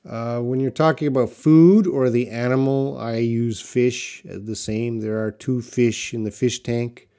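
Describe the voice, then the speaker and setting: Man, English teacher, live stream Q&A, mellow dark voice, middle pitch, relaxed, many fillers. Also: normal speed, few pauses. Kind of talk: live Q&A lesson, reading chat comments.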